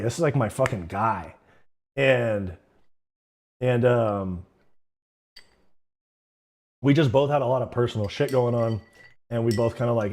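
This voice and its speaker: A man's voice: mid-range voice, a little mellow. A young man hosting a livestream, telling stories casually in a rambling, slangy, profane way. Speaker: livestream host. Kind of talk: casual storytelling.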